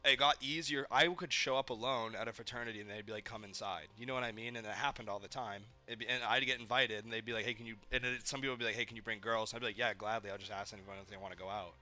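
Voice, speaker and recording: A man's voice: mid-range voice, steady tone, quick pace, pushed and bright. A young man from Maine, a podcast co-host, telling rambling party stories in casual chat, swearing a lot and acting out what people said. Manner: rambling storytelling, heavy swearing, acts out quotes.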